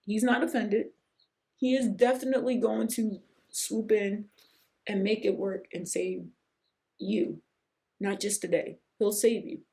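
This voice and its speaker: A woman's voice: mid-range voice, vocal fry, darkish tone. A middle-aged woman hosting a faith podcast, speaking earnestly and emotionally about surrender, often repeating herself for emphasis. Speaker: podcast host. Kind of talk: faith-based personal reflection.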